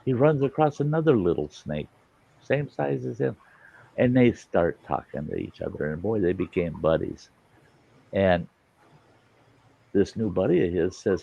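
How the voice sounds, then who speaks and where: Gravelly low-voiced man telling crude jokes. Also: lively intonation, normal speed, pauses often. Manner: profane, storytelling with put-on voices. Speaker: livestream host. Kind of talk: casual chat and joke telling. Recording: lo-fi muffled stream audio.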